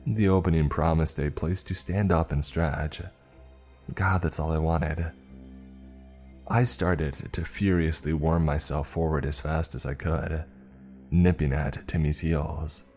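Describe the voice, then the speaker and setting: A man narrating a first-person story in a measured, tense storytelling manner. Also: extremely low pitch, steady tone, a little mellow, soft background music.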